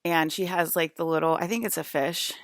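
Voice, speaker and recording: A woman's voice: sits low, steady tone, fairly quick, no echo, studio quality. A woman vlogging in a casual, rambling monologue, filling every phrase with "like" and restarting her sentences. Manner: rambling, heavy use of "like", frequent restarts.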